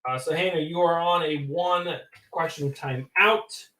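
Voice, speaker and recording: A man's voice: a little high, measured pace, bright, forceful tone, roomy sound, rough recording. A man with a New Hampshire accent, co-hosting a casual livestream and reading trivia questions in an easygoing, good-humored way. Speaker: co-host and trivia quizmaster.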